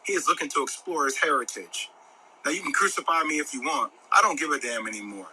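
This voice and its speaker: A man's voice: a little high, fast talker. A man giving impassioned commentary, passionate and insistent. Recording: faint background noise.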